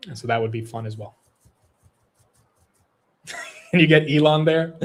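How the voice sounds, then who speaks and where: A man's voice: fairly high pitch, expressive, a little slow, long pauses. A young man hosting a long livestream, chatting casually, rambling, swearing loosely, and reading out viewer super chats. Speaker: livestream host.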